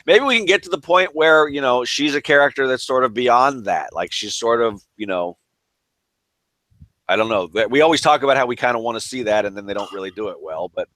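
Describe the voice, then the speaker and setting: A man's voice: mid-range voice, animated, fairly quick, a bit bright, dry recording. A man co-hosting a wrestling podcast, congested, chatting in a wry, hedging way full of "I mean" and "you know". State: congested, can't breathe through nose. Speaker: podcast co-host. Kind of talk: casual wrestling podcast chat.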